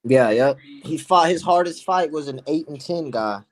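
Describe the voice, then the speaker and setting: A man's voice: a little high, lively intonation, normal speed. Brash, profane trash-talking man. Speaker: guest pro fighter. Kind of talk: casual podcast chat.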